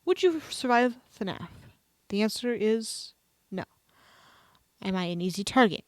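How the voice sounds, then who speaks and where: A woman's voice: mid-range voice, lively intonation, measured pace, no room sound. A woman streamer reading online quizzes aloud in a casual, sarcastic way, swearing offhandedly as she goes.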